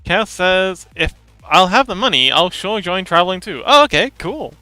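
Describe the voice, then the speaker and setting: A man's voice: sits high, very animated, moderate pace, sharp tone, dry recording, faint music behind. A male livestream host reading viewer messages aloud and chatting back in a playful, casual way. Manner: chatty and playful, laughs often between remarks.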